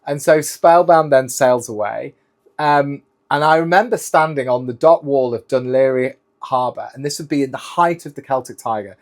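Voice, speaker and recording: A middle-aged man, a guest telling long, rambling stories in a casual interview. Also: mid-range voice. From United Kingdom. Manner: rambling anecdotal storytelling, strung together with "and then". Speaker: guest, keynote speaker and former sailor.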